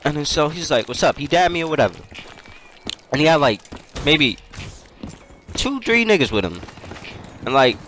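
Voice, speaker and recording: Lively young man spinning a story. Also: on the high side, moderate pace, pauses often. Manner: loose, slangy, laughs often. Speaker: gaming YouTuber. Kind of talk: casual storytelling over gameplay. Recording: game gunfire noise behind voice. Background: video game gunfire and clicks.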